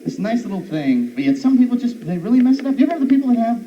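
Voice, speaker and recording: A man doing a stand-up comedy set on stage, animated and jumping into high silly voices for his bits. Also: very fast. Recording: dull old recording from far off, noisy.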